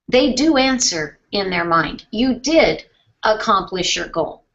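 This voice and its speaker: A woman coaching sales skills on a webinar, taking her time with measured, unhurried phrasing. She speaks calmly, leans on questions, and lets pauses land. Her voice comes through slightly dull and muffled webinar audio. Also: fairly high pitch. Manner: calm, question-based, deliberate pauses. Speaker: sales trainer.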